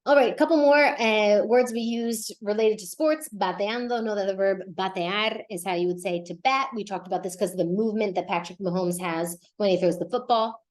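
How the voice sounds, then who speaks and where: A young woman hosting a casual podcast lesson, chatty and lively, often laughing and correcting herself as she explains vocabulary. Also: medium pitch, a little fast, hardly any pauses. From United States. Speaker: Spanish teacher and podcast host.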